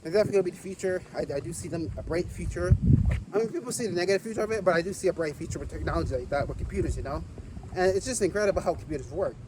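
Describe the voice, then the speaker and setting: A man vlogging while walking outdoors, rambling and repeating himself excitedly and a little out of breath. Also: high voice, rapid-fire, recorded from a distance. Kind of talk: casual walking vlog. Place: outdoors on city streets, walking. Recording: street noise behind the voice. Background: traffic and street noise.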